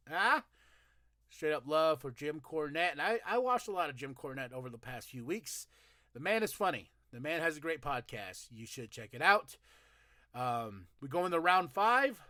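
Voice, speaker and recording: A man hosts a podcast from a room at home, casually and energetically recapping a wrestling show, laughing as he acts out the wrestlers' lines. His voice is a little high with a sharp tone, and the studio-quality recording has no room sound.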